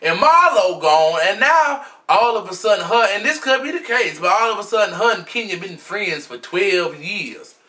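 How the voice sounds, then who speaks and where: A man's voice: high-pitched, expressive, normal speed, hardly any pauses, pushed and bright. A man giving a sassy, flamboyant, blunt gossip commentary as a vlogger, recording himself at home. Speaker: vlogger recapping a reality show. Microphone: camera mic, self-recorded.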